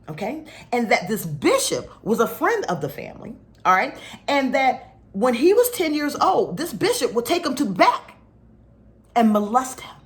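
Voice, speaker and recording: Animated storytelling woman preacher. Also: on the high side. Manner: animated storytelling, drops to near whisper for heavy moments. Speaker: spiritual teacher. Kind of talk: spiritual talk to followers.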